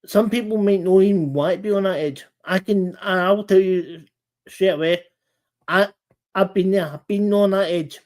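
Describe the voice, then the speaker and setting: A man hosting a casual live-stream chat, talking earnestly in halting bursts with many restarts and repeated words. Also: high-pitched, a little mellow.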